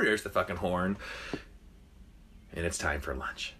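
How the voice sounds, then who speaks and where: A man's voice: deep voice, fairly quick, a little hiss or hum. A man co-hosting a podcast, casually telling a long joke with lots of swearing. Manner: profane, animated storyteller. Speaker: podcast co-host.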